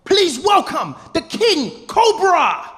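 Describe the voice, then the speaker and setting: A comedian voicing an excitable male show announcer, drawn-out and showy. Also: extremely high pitch, long reverb tail, pitched above the performer's own voice, heavily acted. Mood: announcing.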